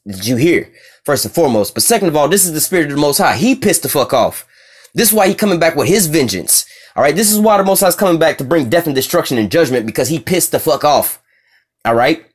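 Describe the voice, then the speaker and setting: A man delivers a fiery sermon at a brisk, rapid clip, reading scripture and then riffing on it. His talk is coarse and profane, full of repeated checks like "you see what I'm saying". His pitch sits in an ordinary middle range. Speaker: preacher.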